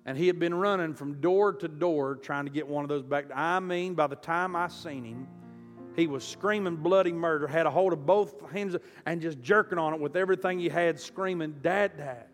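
A man preaching a storytelling sermon, impassioned and surging from quiet to loud. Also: a little high, normal speed. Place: church auditorium. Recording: reverberant hall with soft music.

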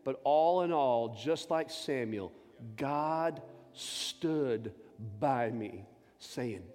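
A man preaching a sermon, telling his story with deep emotion and rising to loud, fervent peaks. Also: animated, very slow. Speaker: pastor. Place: large church sanctuary. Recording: long church reverb with faint music.

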